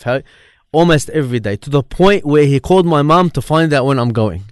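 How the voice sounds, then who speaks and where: A man's voice: on the high side, fairly quick, hardly any pauses, clear, resonant tone, no room sound, clean studio sound. A man in his thirties with an Australian accent, telling a personal story in casual conversation, acting out the dialogue and laughing as he goes. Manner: animated, laughs while telling, acts out dialogue. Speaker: podcast co-host.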